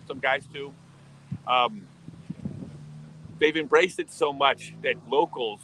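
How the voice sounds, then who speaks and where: An animated man from the United States hosts a casual livestream. He laughs often and rushes through restarts and quick asides. His voice is bright and forward, with a faint hum of noise in the room behind him. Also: medium pitch, poor audio. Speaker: livestream host. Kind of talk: casual storytelling and answering chat. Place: home in Australia, livestream.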